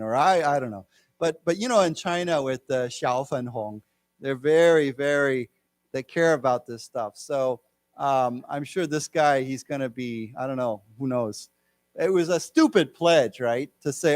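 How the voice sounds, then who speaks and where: A man's voice: on the high side, measured pace, dry recording. Chatty man teaching a class. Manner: chatty, rambling, with animated quoted voices. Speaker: English teacher. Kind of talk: casual classroom lecture. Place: lecture room.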